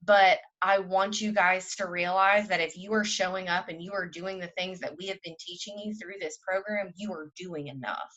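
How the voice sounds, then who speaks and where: A woman leading a group call, giving a fervent, preachy pep talk that swings between loud and soft. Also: lowish voice, steady tone, normal speed, few pauses, muffled recording. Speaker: team leader on a group call.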